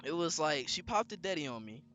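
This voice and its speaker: A young man casually telling a story on a podcast, slangy and animated, with lots of fillers. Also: fairly high pitch, brisk, faint music behind. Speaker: podcast co-host.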